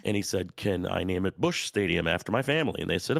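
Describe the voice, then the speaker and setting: A man co-hosting a podcast, telling a relaxed anecdote in casual chat. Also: sits low, quick pace, gravelly, no room sound, studio quality.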